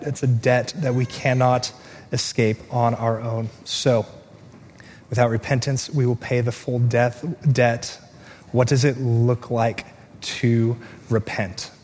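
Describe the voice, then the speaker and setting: A pastor delivering an earnest sermon, moving between quick asides and slow, stressed lines. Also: male voice, medium pitch, darkish tone. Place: church sanctuary. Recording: reverberant hall, faint room noise.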